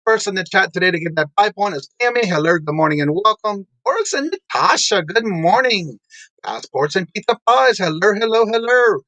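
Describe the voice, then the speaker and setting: A man's voice: high voice, very animated, fairly quick, sharp tone, no room sound. A man hosting a casual live show, greeting viewers one by one and laughing often. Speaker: host.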